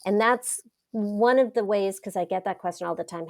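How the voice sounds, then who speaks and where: A middle-aged woman, a wealth coach, telling stories in a casual interview with dramatic, expressive delivery. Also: medium pitch, normal speed. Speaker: wealth coach, podcast guest.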